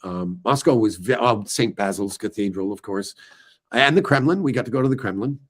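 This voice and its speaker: A middle-aged man chatting casually about his book, telling stories in a lively way with filler words. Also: on the low side, brisk. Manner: animated storyteller, voices quoted people loudly. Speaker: author discussing his book. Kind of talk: casual storytelling chat.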